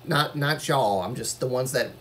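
A man's voice: mid-range voice, normal speed, fairly bright tone, slight background noise. Earnest man chatting on a live stream. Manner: earnest, rambling, projects his voice when passionate. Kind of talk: casual live stream chat.

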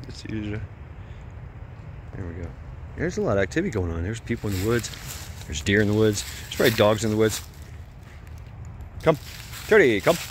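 A man's voice: fairly low pitch, sing-song, a little fast, long pauses, slight background noise. Rambling man telling a story outdoors at night. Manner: rambling, full of fillers and restarts. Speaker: vlogger. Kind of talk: casual storytelling while walking a dog.

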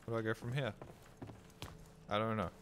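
Streaming his game live, a man talks through the action in a low-leaning, steady voice at a slightly fast clip. He's jokey, curses often, and yelps when caught off guard, with the game's gunfire and clicks audible under his voice.

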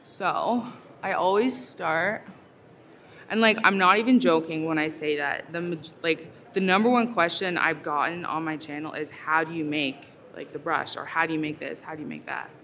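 A woman's voice: deep voice, moderate pace, a bit bright. A woman chatting casually on a live stream while she makes something, talking in her real voice with lots of fillers like "like" and "so". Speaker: ASMR creator. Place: busy convention hall.

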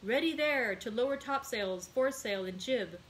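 A woman reading the part of a calm, resolute young male sailor in a read-aloud book, in a plain reading voice. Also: mid-range voice, a little slow, slight background noise, lightly acted, rough recording. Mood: commanding.

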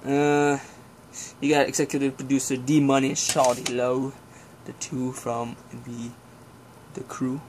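A man's voice: mid-range voice, monotone, measured pace, darkish tone, slight background noise. A young man vlogging a casual, rambling review of a CD from his collection, swearing often and sighing and groaning as he talks. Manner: rambling, profane, with sighs and groans.

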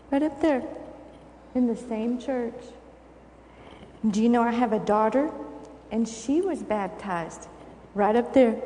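An older woman gives a children's sermon, coaxing the children with gentle questions. Her voice sits fairly high but sounds mellow. She is recorded in a reverberant church hall with a faint hiss behind her. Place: church sanctuary.

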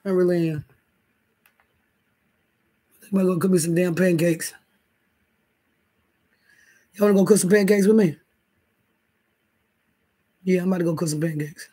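Casting: man with a raised, high voice, loose and profane, chatting to a live audience from bed. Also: steady tone, normal speed, pauses often, mellow. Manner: rambling, profane, talks straight to the chat. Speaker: livestream host. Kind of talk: casual livestream chat. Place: indoors, in bed.

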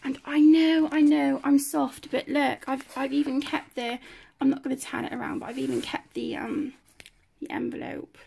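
A woman's voice: high voice, level tone, moderate pace, vocal fry, dark tone. A grown woman chatting casually as she tours her home colouring area, rambling and self-deprecating. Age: adult. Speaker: colouring channel host. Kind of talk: casual room-tour chat.

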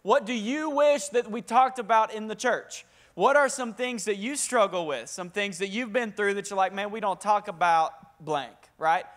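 Talkative and full of energy, this young Southern pastor urges his congregation to respond as he preaches. He speaks at an ordinary pace in a high-pitched voice.

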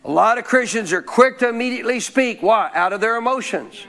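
Man, pastor, high voice, sermon, asks the congregation questions, repeats phrases for emphasis. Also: fairly quick, pushed and bright. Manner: preaching with call-and-response questions.

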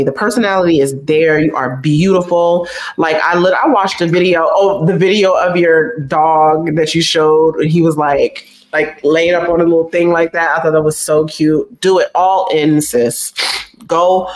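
A woman's voice: deep voice, fairly even intonation, moderate pace. A young woman hosting a casual livestream, chatty and effusive, reading and answering comments as she goes and repeating herself for emphasis. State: teary, stuffy nose. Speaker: YouTube host reading live chat.

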